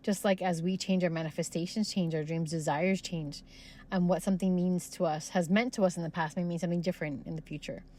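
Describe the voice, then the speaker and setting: A woman's voice: fairly low pitch, a little mellow. A woman podcast host giving a short casual update, proud and reflective.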